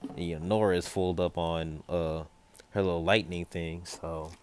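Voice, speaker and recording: A man's voice: low-pitched, flat delivery, slight background noise. A man casually telling a made-up fan story, rambling and correcting himself as he goes. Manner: rambling, self-correcting, with quick asides to a child nearby.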